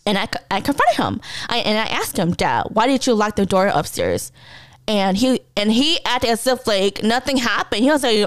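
Young woman, bit high voice, dry close sound, blunt and foul-mouthed, animated storytelling. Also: moderate pace, no room sound. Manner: blunt, profane, animated retelling with laughs. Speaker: podcast host. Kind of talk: casual storytelling monologue.

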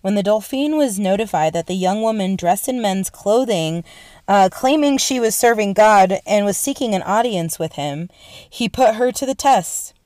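A woman's voice: mid-range voice, animated, moderate pace, darkish tone, no room sound, studio quality. A woman podcast host telling a story in casual, slangy and profane chat. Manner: slangy, profane, lots of fillers.

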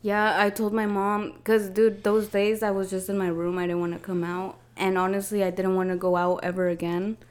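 A woman's voice: medium pitch, level tone, normal speed, hardly any pauses, a little mellow. A young woman from Mexico telling a personal story in a casual podcast chat, emotional and confiding, with many "like"s. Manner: emotional, confiding, heavy use of "like". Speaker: podcast co-host.

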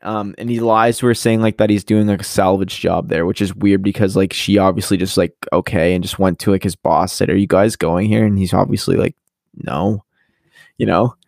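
Rambling young man, low and dry. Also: fairly even intonation, fairly quick, creaky, darkish tone, no echo. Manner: rambling, filler-heavy, acts out characters' lines. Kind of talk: casual chat.

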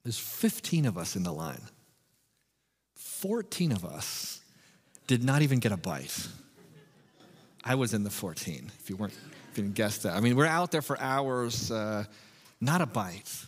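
A man preaching a sermon as pastor, telling a self-deprecating story in a relaxed, conversational way before moving into scripture. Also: lowish voice, unhurried, pauses often, slightly rough, long reverb tail.

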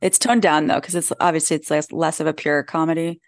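A woman's voice: sits low, fairly even intonation, a little fast, gravelly, no echo, clean studio sound. A young woman co-hosting a podcast, chatting with casual enthusiasm. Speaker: podcast co-host. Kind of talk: casual chat.

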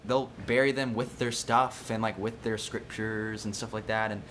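A young man chatting casually at a quick clip. He chimes in eagerly and keeps up a steady, friendly flow. A faint hum sits in the background. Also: fairly low pitch. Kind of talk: casual chat.

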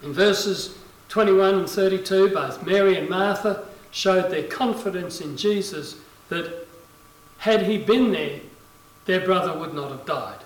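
A male pastor delivers a sermon in a high, bright voice, lifting it sharply when he acts out quoted lines. His voice carries through a roomy space and sounds set back from the microphone. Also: measured pace. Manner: preaching with dramatic quoted lines, rising loud for emphasis. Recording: roomy echo, voice from a distance.

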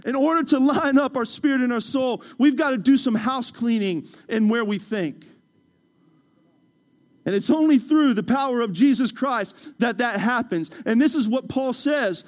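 High-voiced pastor preaching conversationally. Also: male voice, moderate pace. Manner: conversational, storytelling, joking with the congregation. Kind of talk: sermon.

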